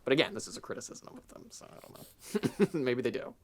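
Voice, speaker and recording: With a mid-range, expressive voice and a brisk pace, a young adult podcast co-host rambles in casual conversation. Fillers pile up, and a swear word slips out now and then.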